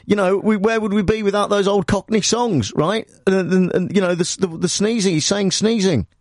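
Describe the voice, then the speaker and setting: A man's voice: high-pitched, moderate pace, no echo, studio quality. Hesitant, stumbling radio host man. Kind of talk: comic radio phone-in sketch.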